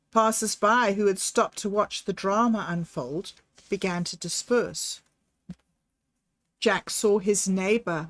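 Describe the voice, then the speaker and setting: Woman reading a story out loud, slow and even, super dry. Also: medium pitch, no echo. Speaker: audiobook narrator. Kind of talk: scripted narration.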